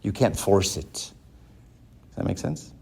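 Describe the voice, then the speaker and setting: Male lecturer, somewhat low voice, animated teaching style with constant "right?" check-ins. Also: a little slow, vocal fry, husky. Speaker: professor teaching a church class. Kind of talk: lecture with rhetorical questions.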